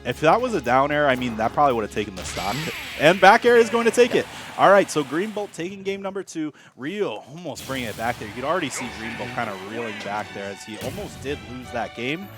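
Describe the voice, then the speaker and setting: A man commentating a fighting-game tournament live, his pitch bouncing all over the place as he reacts. He talks loosely and rambles, with lots of fillers and restarts. Clear background music plays under his voice. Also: big pitch swings, quick pace, hardly any pauses. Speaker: esports commentator. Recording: music playing behind.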